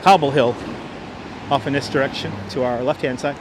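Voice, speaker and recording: A man with a medium-pitched voice and fairly even intonation talks at a normal speed while hosting a casual walking livestream on city streets. Through his wireless clip-on mic, which has a little hiss or hum, he restarts phrases and thanks viewers along the way.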